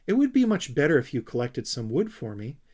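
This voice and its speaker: A man voicing a vain, bright-eyed young female Snork creature who talks in a breezy, coaxing way. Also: mid-range voice, very animated, brisk, pitched above the performer's own voice.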